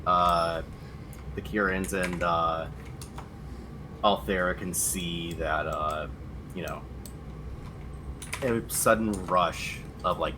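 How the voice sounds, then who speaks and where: A man's voice: sits low, steady tone, takes it slowly, long pauses, background noise. A man playing a tabletop role-playing game, hesitant and full of fillers. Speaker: player.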